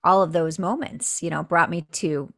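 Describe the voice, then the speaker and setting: A woman guest author telling personal stories in a casual interview, animated when she quotes others. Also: fairly low pitch, moderate pace, vocal fry, no room sound, clean studio sound.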